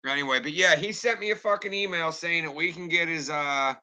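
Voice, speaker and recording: A man's voice: on the high side, a little fast, pushed and bright. A man ranting on a live stream and answering his chat, angry, rambling and swearing constantly. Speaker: livestreamer talking to chat.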